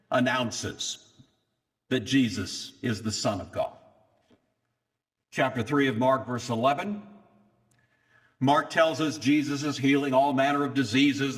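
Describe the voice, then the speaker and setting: A male pastor preaching a sermon, telling the story with dramatic emphasis and sudden swings from quiet to loud. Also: mid-range voice. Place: church. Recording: long church hall reverb.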